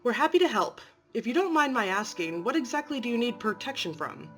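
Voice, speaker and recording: A woman as a polite, measured doctor. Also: fairly high pitch, sing-song, soft background music. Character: calm, polite female staff doctor. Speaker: interviewer.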